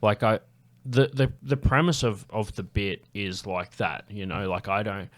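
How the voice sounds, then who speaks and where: Man, lowish voice, casual podcast chat, rambling, swears a lot, many fillers. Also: steady tone, measured pace. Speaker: podcast guest.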